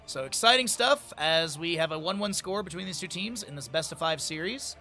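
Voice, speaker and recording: A man's voice: a little high, animated, brisk, pushed and bright, soft background music. Chatty young man casting a game stream. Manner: chatty and rambling, with many fillers. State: sleepy. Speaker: esports tournament caster and streamer. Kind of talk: casual live-stream commentary.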